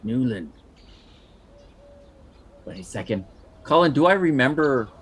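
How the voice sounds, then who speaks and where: Male tabletop player, husky mid-range voice, narrates his moves and slips into character. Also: medium pitch, big pitch swings, unhurried. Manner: describes his character's actions, drops into short in-character lines. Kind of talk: tabletop role-play, in and out of character.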